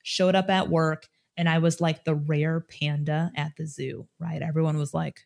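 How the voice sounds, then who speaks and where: A woman's voice: low-pitched, normal speed, creaky. A middle-aged woman, a former TV news host, telling a personal story with animation and acting out the dialogue. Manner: animated, acts out quoted dialogue.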